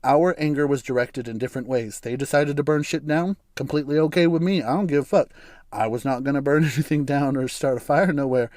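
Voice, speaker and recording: A man's voice: a little high, brisk, darkish tone, no echo, clean studio sound. Blunt, profane man hosting a podcast. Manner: candid, blunt and profane, laughs often. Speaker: podcast host. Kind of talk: casual solo podcast monologue.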